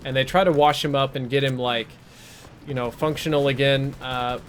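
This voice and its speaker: A man's voice: mid-range voice, steady tone, moderate pace, a little hiss or hum. A male game streamer casually telling a rambling, crude, self-mocking story while he plays, on a headset mic.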